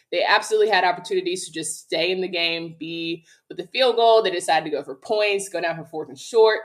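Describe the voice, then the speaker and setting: A woman with a Southern accent, co-hosting a sports talk show, ranting about her team with laughs in between. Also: medium pitch. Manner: venting, animated, laughing between rants. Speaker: co-host.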